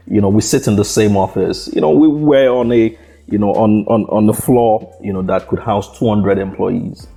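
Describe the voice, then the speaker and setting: A man with a very low, dark voice answers interview questions about building a startup. He talks in a halting way, repeating words and leaning on "you know" as he goes. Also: vocal fry, faint music behind. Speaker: startup founder guest. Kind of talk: conversational interview.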